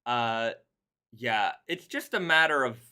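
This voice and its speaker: A man hosts a relaxed live stream, talking in loose rambling runs and pausing to read viewer comments aloud. His voice is bright and forward, with a middle pitch. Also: clean tone. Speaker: host. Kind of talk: casual live-stream chat.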